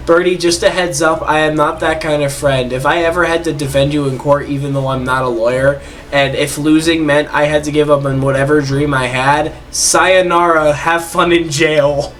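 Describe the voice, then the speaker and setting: A man's voice: fairly high pitch, fairly even intonation, normal speed, hardly any pauses, a bit bright. A man streamer chatting casually over a game, teasing his partner and explaining his own jokes. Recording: distant mic with game music behind.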